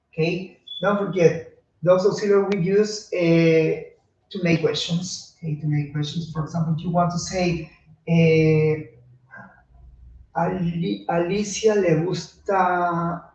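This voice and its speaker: A man teaching an English grammar lesson, speaking slowly and repeating words with frequent "okay"s. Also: high voice, darkish tone. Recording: echoey distant lo-fi room recording.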